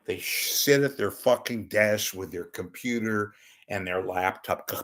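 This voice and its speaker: Profane wisecracking older man, lowish voice. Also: a little slow. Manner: profane, wisecracking, rambling with loud bursts and muttered asides. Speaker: media commentator. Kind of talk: off-the-cuff monologue. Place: at home.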